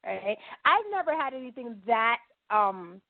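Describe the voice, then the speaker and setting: A woman's voice: on the high side, a little slow, dry recording. Woman guest, storyteller who acts out every quote, thin phone-like sound, dry. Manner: animated storyteller acting out quoted dialogue. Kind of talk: podcast interview storytelling.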